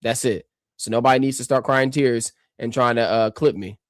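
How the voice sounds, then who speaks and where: A man's voice: mid-range voice, fairly even intonation, moderate pace, no room sound. Combative man ranting in a dry room. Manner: combative, mocking, rambling. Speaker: streamer reacting to a clip. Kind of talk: ranting reaction commentary.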